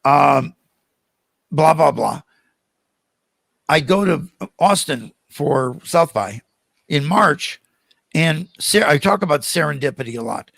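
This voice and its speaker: An older American man, a podcast guest, telling animated stories and acting out the voices of the people in them. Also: a little high, slow, vocal fry, long pauses, no echo. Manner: animated, acts out quoted voices. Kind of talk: storytelling in a podcast interview.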